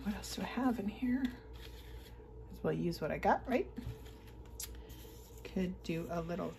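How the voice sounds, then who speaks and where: A woman talks slowly and casually as she stitches and makes crafts, thinking aloud and clearing her throat now and then. A sewing machine runs at times, and a faint hiss sits under her voice. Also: medium pitch, dark tone. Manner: chatty, thinks aloud while working, frequent throat clearing. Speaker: craft vlogger. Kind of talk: casual craft tutorial chat.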